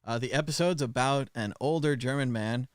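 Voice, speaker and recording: A man's voice: medium pitch, normal speed, clean tone, dry recording, studio quality. A man hosting a casual news commentary livestream, chatty and sarcastic, with lots of filler sounds. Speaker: show host.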